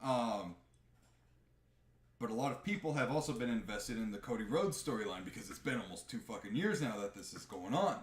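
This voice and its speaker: A man on a live podcast, chatting casually in a profane, animated rant. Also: mid-range voice, fairly quick, echoey room. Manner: animated, profane ranting with mocking impressions. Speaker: podcast co-host.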